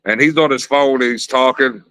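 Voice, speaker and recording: A man's voice: medium pitch, fairly even intonation, moderate pace, pushed and bright, clean tone, dry recording, poor audio. A man telling rambling, profane stories in a casual interview, laughing along as he goes. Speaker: wrestler, interview guest.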